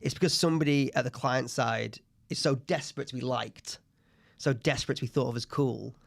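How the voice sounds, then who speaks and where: A man in his thirties from England chats casually as a podcast co-host. His voice sits at an ordinary middle pitch, and he talks in a loose, anecdotal way. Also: brisk, creaky. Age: 30s. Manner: chatty, tells anecdotes, puts on voices in quotes. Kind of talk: casual chat.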